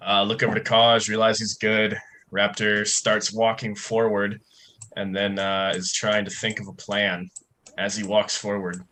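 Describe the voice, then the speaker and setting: A man's voice: lowish voice, monotone, measured pace, bright, forceful tone. A man playing a tabletop game, talking in a casual, hesitant way. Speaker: player.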